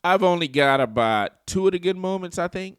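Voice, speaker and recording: A man's voice: high voice, expressive, brisk, clean tone, dry recording, studio quality. A man giving casual, opinionated political commentary for his channel, slangy and full of joking asides. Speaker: YouTube commentator.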